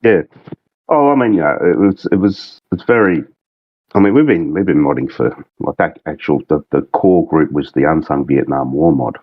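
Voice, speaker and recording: Deep-voiced Australian man, laid-back. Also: normal speed, no room sound, phone-quality sound. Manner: rambling, laid-back storytelling. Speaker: guest, game mod creative director. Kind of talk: casual podcast chat.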